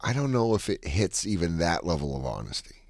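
Guy cohosting a podcast, low voice, deadpan riffing, dry studio sound. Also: a little fast, dry recording. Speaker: podcast co-host. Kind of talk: casual comedic banter.

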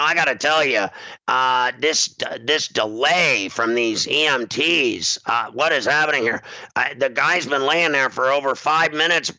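A man hosting sports talk, telling a rambling story in an animated way and laughing often. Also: medium pitch, dry recording, lo-fi sound.

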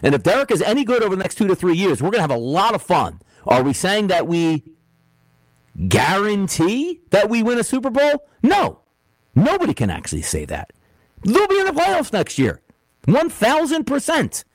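A man's voice: high voice, wildly swooping pitch, moderate pace, no echo, poor audio. A man hosting a sports betting show, talking solo, firing off rhetorical questions and acting out imagined quotes. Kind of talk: solo sports talk monologue.

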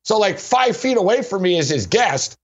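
Male sports radio host, a bit high-pitched, loose and laughing anecdotes, muffled lo-fi recording. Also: very animated, moderate pace. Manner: rambling, laughing often, heavy use of "like". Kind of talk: casual anecdotal storytelling. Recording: dull lo-fi recording.

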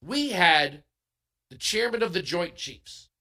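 A man's voice: high voice, big pitch swings, slow, vocal fry, sharp tone. A man hosting a political talk radio show, delivering an emphatic, sarcastic monologue full of rhetorical questions.

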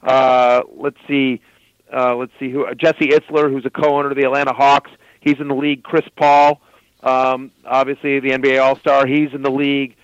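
A man guest telling a story in casual talk, animated and loose, full of fillers. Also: medium pitch, moderate pace, clear, resonant tone, no room sound, dull audio.

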